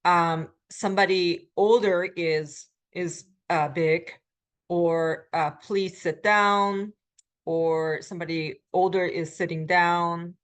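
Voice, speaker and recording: A middle-aged woman giving a recorded language lecture as the instructor, explaining patiently with frequent ums and pauses. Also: lowish voice, steady tone.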